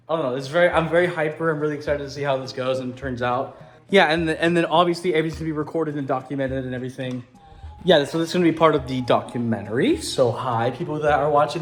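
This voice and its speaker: A young man giving a casual video diary update, excited and rambling with lots of fillers and restarts. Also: fairly high pitch. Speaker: vlogger planning a party.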